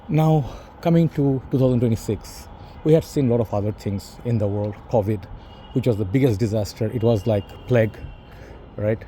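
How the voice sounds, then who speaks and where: A man's voice: mid-range voice, dark tone, a little hiss or hum. A middle-aged man with a Bangladeshi English accent, a fragrance reviewer talking to camera in a casual, rambling monologue full of "you know" and "bro".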